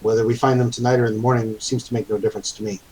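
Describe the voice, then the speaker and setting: A man's voice: mid-range voice, level tone, very fast, darkish tone, a little hiss or hum, natural voice, poor audio. A man voicing a matter-of-fact woman.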